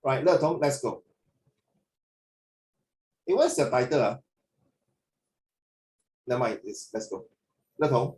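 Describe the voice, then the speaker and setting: A man's voice: mid-range voice, expressive, slow pace, long pauses, a little mellow. A man with a Singaporean accent, tutoring a class over a video call, chatty and mixing in Mandarin. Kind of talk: online class feedback. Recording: echoey room.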